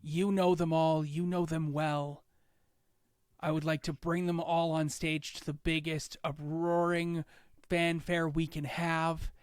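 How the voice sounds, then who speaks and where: A man voicing a female city mayor who gives a slow, grave rallying speech. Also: fairly high pitch, level tone, smooth, no room sound, clean studio sound. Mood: solemn rallying.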